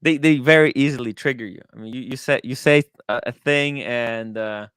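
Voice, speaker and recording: Excitable man with a crisp voice. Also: mid-range voice, no room sound, clean studio sound. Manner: excitable, animated, quick asides to chat. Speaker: livestream host. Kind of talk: casual livestream chat. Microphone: studio microphone.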